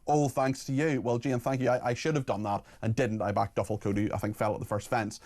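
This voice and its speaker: A man hosting a radio phone-in, talking quickly with frequent restarts. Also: mid-range voice, little pitch movement, a little mellow. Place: radio studio.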